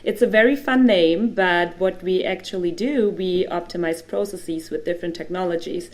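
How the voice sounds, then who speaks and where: A woman with a German accent joins a podcast as a guest. Her voice is a little low, and she speaks in a friendly, upbeat way over a video call. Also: normal speed. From grew up in Germany. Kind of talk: casual chat.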